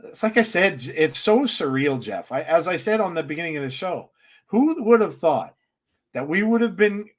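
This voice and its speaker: A man co-hosting a live wrestling watchalong, giving excitable reaction commentary with many restarts. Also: on the high side, moderate pace.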